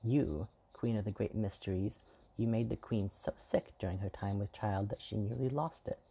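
A tangle-haired fairy accusing a queen in a fairy-tale reading, voiced by a man. The voice is low, mellow and gravelly. She speaks plainly and gravely. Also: normal speed.

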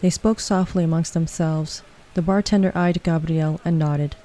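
A woman reading a story aloud in a calm, even way. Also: deep voice, moderate pace. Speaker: narrator. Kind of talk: storybook narration.

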